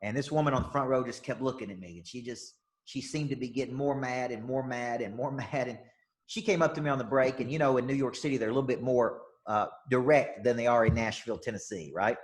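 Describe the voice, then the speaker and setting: A man's voice: medium pitch, fast talker. A man with a Southern US accent giving an intense, upbeat motivational coaching talk, repeating key phrases and checking in with his listeners. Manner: emphatic and repetitive, checks in with "okay?" and "right?". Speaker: life and business coach. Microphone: online call session.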